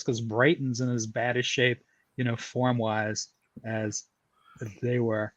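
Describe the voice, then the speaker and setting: A man's voice: medium pitch, little pitch movement, slow pace, fairly bright tone, no room sound. Chatty man with a dry, close sound. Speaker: podcast host. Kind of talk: casual podcast chat.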